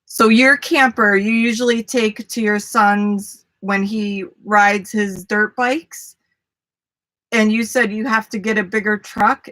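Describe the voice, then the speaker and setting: In a casual live chat, a female streamer talks with her viewers by name, chatty and laughing easily. Her mid-range voice has a sharp tone.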